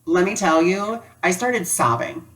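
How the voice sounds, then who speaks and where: A man's voice: sits high, animated, measured pace, a bit bright. A man giving a casual spiritual lesson, telling a personal story in a chatty way with many fillers. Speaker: spiritual teacher. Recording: voice a bit distant from the mic.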